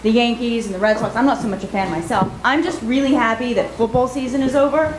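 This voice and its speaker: Speaking fast in a slightly high voice, a former TV news anchor in her thirties works through a stand-up routine full of wry jokes at her own expense. It's recorded on a comedy club stage before a live crowd, with heavy echo and loud noise behind her.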